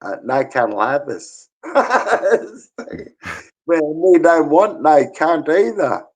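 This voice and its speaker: A man's voice: a little high, very animated, slow, rough recording. A middle-aged Australian man talking crudely and boastfully in casual chat, laughing often. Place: bar.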